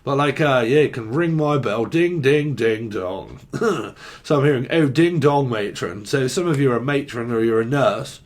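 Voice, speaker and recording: A man's voice: medium pitch, animated, normal speed. A man giving a freewheeling channelled tarot reading, rambling and jokey, with a lot of swearing. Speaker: tarot reader.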